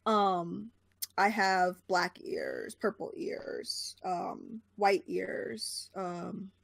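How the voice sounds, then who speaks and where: Gravelly-voiced chatty woman from New York. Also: lowish voice, steady tone, drawn-out words, no echo. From New York suburbs. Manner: chatty, lots of fillers and laughs. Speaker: guest streamer. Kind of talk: casual chat.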